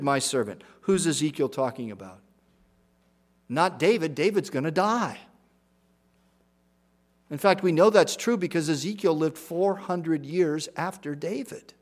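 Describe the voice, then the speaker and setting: A man preaching an expository sermon, walking through verses with emphatic repetition and sharp swings in loudness. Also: fairly high pitch. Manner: emphatic, repeats key phrases, rises and drops in volume.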